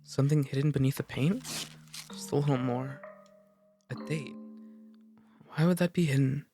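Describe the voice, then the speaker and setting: A man's voice: mid-range voice, moderate pace, faint music behind, close to an everyday voice. A man voicing an anxious young noble girl. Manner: anxious, self-scolding. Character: frightened fourteen-year-old noble girl.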